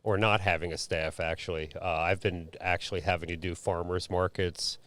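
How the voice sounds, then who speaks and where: A man, a baker guest on a casual podcast, talking haltingly with pauses and fillers. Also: deep voice, steady tone, fairly bright tone. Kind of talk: casual chat.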